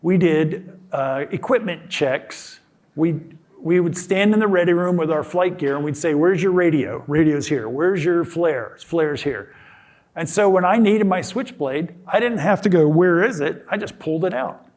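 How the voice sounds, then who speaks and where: A man's voice: fairly high pitch, normal speed, a little mellow. A man in his sixties giving a casual talk in a lecture hall, telling a story with restarts and acted-out quotes. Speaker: guest speaker.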